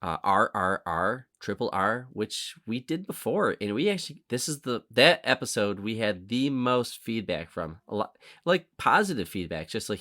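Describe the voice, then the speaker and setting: Low-voiced rambling podcast host man. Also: big pitch swings, moderate pace, pushed and bright, dry recording, clean studio sound. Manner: rambling, apologetic, circles back on itself. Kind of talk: casual movie-review chat.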